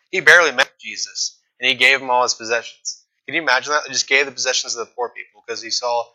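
A young man delivers a sermon in a relaxed, talky way, mixing scripture reading with casual asides. His voice is strikingly bright and forward, with a pitch sitting right in the middle for a man. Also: rough recording. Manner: casual, conversational preaching with fillers and acted asides. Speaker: preacher.

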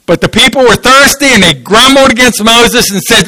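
A man's voice: very high-pitched, animated, moderate pace, few pauses, bright, forceful tone, dry recording, poor audio. A man preaching a sermon, telling a story and asking the audience questions.

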